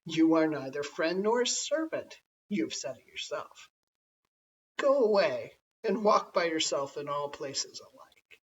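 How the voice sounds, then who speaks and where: A man's voice: on the high side, expressive, unhurried. A man voicing a wise, teasing woman of the cave who laughs at a cat, in a bedtime story reading. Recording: slightly distant, dull lo-fi home recording.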